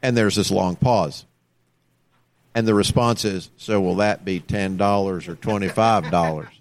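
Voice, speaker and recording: A man tells a story in casual conversation, lively and animated, jumping into the voices of the people he quotes. His pitch swings a lot as he acts out each part. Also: unhurried.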